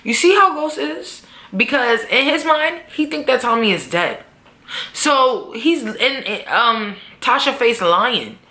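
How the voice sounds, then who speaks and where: Young woman doing a tv recap, bright lively voice, lots of slang and cussing, echoey room. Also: a little high, slow. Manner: animated, swearing, slangy, talks back to characters. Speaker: vlogger reviewing a TV episode. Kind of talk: casual recap with acted quotes.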